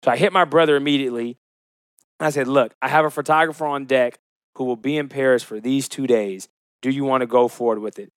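Animated, joking male co-host. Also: medium pitch, fast talker, no echo, clean studio sound. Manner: animated storyteller, defensive and joking. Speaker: podcast co-host. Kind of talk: casual chat.

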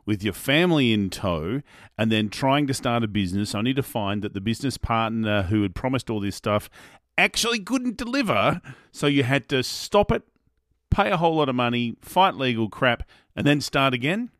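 A man's voice: mid-range voice, animated, normal speed, dry recording, studio quality. A man hosting a podcast, chatty, upbeat and jokey as he introduces and questions his guest. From Australia. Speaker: podcast host. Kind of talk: casual interview hosting.

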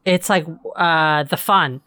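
A woman's voice: low-pitched, slow pace, sharp tone, clean tone. A woman co-hosting a podcast, chatting casually with self-deprecating asides and questions. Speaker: podcast co-host. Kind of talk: casual chat.

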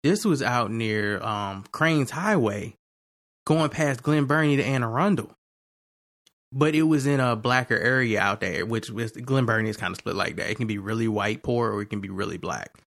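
A man chatting casually on a podcast, his voice sitting in an ordinary middle register. He tells animated, slangy stories full of profanity and easy laughter. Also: mid-range voice, moderate pace. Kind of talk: casual chat.

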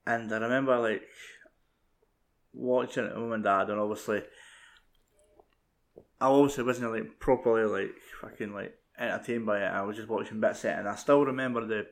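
A Scottish man co-hosting a podcast, chatting casually and haltingly with frequent swearing. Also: on the low side, steady tone. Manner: sweary, halting, full of fillers. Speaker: podcast co-host. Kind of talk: casual film chat.

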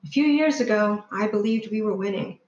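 A woman reading the part of a solemn, gentle father who runs a newspaper, in a quiet, measured, reassuring way. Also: mid-range voice, roomy sound, highs cut off, close to an everyday voice.

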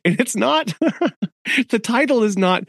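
A man's voice: very high voice, lively intonation, slow pace, vocal fry, a bit bright, breathy edge, no echo, clean studio sound. A man co-hosting a casual podcast chat, giggly and rambling, laughing often. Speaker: podcast co-host.

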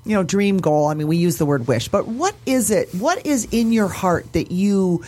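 A woman's voice: fairly low pitch, lively intonation, moderate pace, warm tone. A woman co-hosting a podcast, asking curious, probing questions in a conversational way. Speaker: podcast co-host. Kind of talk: conversational interviewing.

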